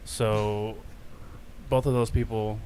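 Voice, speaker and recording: A man's voice: fairly low pitch, level tone, takes it slowly, mellow, slight background noise. A man co-hosting a podcast in casual banter, laid-back and rambling, swearing casually. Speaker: podcast co-host.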